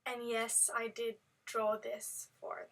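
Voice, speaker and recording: A woman's voice: a little high, completely flat delivery, slow, gravelly, distant mic, heavy background noise. A young woman vlogging in a casual, joking way and giggling between thoughts. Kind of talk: casual chat.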